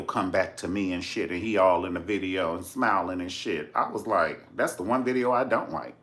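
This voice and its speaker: A man giving a sassy, campy video review in casual commentary, calling the listener honey and swearing freely. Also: on the low side. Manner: animated storyteller, swears casually. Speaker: documentary reviewer, channel host.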